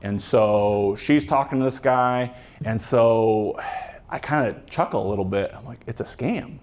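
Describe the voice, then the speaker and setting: Speaking on the low side at a measured pace, with a darkish tone, this man is a police officer addressing a club. His talk is jokey and chatty, full of fillers and restarts, and he performs the voices he quotes.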